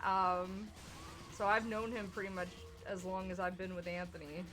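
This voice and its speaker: A woman's voice: medium pitch, little pitch movement, moderate pace, music in the background. A young adult woman streamer chatting casually while she plays a game, laughing often and swearing freely as she tells stories. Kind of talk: casual chat while gaming.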